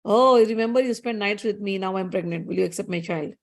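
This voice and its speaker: A woman voicing a scheming young woman who makes a false claim, in a low, pleading tone. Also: fast, natural voice.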